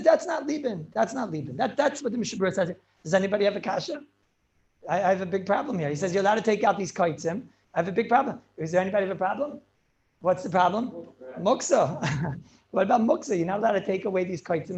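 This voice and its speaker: Rabbi lecturing students, high voice, rapid and stop-start, English laced with Hebrew and Yiddish terms. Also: male voice, rough recording. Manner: quick, halting delivery with many restarts. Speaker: rabbi teaching a class.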